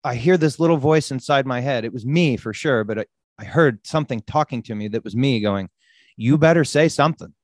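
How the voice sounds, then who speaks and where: A podcast host telling a story in casual conversation, animated and swearing freely, often saying "dude". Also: male voice, medium pitch, a little fast, no room sound.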